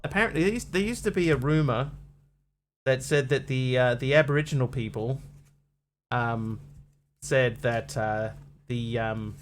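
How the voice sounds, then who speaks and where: A man's voice: mid-range voice, a little slow, slight background noise. A man who grew up in Australia, speaking with an Australian accent, chatting casually on a live game stream, reading chat and trivia with playful puns.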